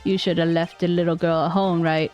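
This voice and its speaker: A woman's voice: fairly low pitch, level tone, fairly quick, darkish tone, lo-fi sound, faint music behind, pitched below the performer's own voice, close to an everyday voice. Woman putting on a Furio Tigre, brash mobster boss. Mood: threatening. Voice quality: gruff tough-guy slang. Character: brash male mobster loan shark, hot-tempered. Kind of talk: reading game dialogue aloud.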